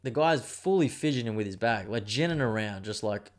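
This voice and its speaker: A man hosting his own podcast, telling a news story in a rambling, animated way with plenty of swearing. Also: medium pitch, normal speed. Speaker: podcast host. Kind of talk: casual solo podcast rant.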